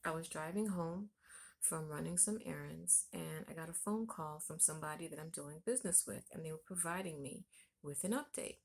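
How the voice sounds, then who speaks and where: A woman vlogger telling a personal story in a relaxed, conversational way. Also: low-pitched, normal speed, vocal fry, husky. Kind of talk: storytelling vlog.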